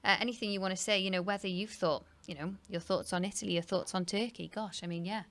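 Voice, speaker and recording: An English woman co-hosting a live football watchalong, chatty and quick with reactions. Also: medium pitch, steady tone, fairly bright tone. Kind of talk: casual football chat.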